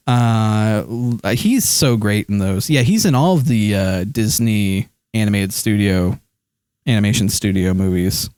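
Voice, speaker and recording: A man's voice: lowish voice, a little slow, darkish tone, clear, resonant tone, no echo. Rambling man chatting on a live stream. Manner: rambling, full of ums and likes. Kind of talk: casual live-stream chat. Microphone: hand microphone.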